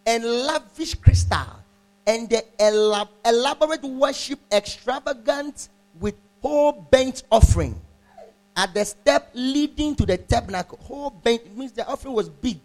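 A man preaching a sermon, animated, half-singing his phrases, laughing and quizzing the congregation. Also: very high voice, moderate pace. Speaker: pastor.

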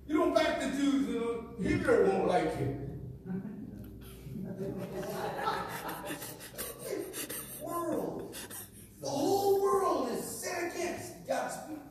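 A middle-aged man from Arizona preaching a sermon in an animated, colloquial way, often laughing. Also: very high voice, extremely slow, pauses often. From Arizona, USA. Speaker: pastor. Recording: very echoey hall from far off, faint noise.

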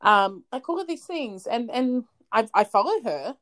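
A woman's voice: fairly high pitch, animated, moderate pace, a bit bright. A woman co-hosting a podcast, telling a story in casual chat and often laughing. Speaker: podcast co-host.

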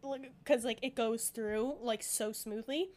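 Young woman, podcast co-host, rambling casual chat, lots of fillers, slightly high voice. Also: steady tone, a little slow, a little mellow. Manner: rambling, laughs a lot, many fillers.

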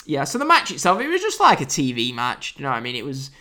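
A British man talks through a solo review in a loose, conversational way. His manner is wry and digressive, and he often fills pauses and restarts his sentences. His pitch sits in a middling range. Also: huge pitch swings, pushed and bright. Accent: British English. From United Kingdom. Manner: chatty, wry, digressive with frequent fillers. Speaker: wrestling podcast host.

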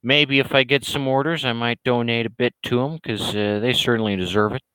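A man's voice: medium pitch, fairly even intonation, brisk, a bit bright, clear, resonant tone, no echo, rough recording. A man rambling through casual livestream talk, hesitant and full of restarts as he answers viewer questions. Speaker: streamer and comic creator.

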